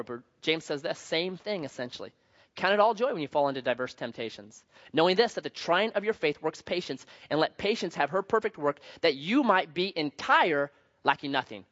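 A male pastor preaching a sermon in an animated, joking, conversational manner. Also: a little high, dull audio.

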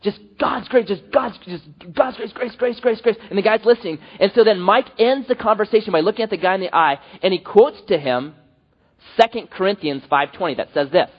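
A man preaching a sermon, animated and acting out the voices he quotes. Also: high voice, fairly quick, lo-fi sound. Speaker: pastor.

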